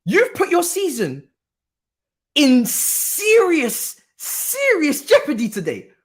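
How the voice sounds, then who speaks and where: A man hosting a live football watchalong, swinging between low muttering and excited shouting and repeating his phrases in street slang. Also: takes it slowly. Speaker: watchalong host.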